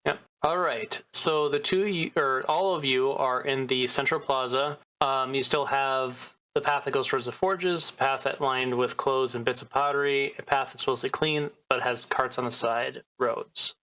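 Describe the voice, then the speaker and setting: A man's voice: mid-range voice, fairly even intonation, moderate pace, few pauses, bright, forceful tone. A man running a tabletop game as game master, talking casually with restarts and fillers.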